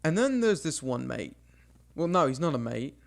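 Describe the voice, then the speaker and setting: While streaming games, a young man tells a cringeworthy story from his childhood, playing out people's lines and laughing at himself in a lively, relaxed way. He speaks at a normal speed in a fairly high, gravelly voice.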